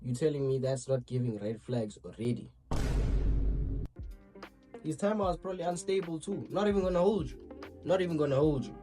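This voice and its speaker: A man's voice: fairly high pitch, lively intonation, brisk, pauses often, over music. A young man casually reacting to a video, rambling in slang and talking to his chat. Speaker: reaction streamer.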